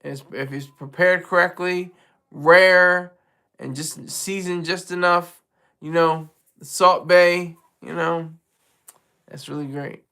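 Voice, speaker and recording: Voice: mid-range voice, fairly even intonation, slow pace, sharp tone, clean tone. A live-stream host chatting casually with viewers, rambling, restarting sentences and laughing often. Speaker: livestream host.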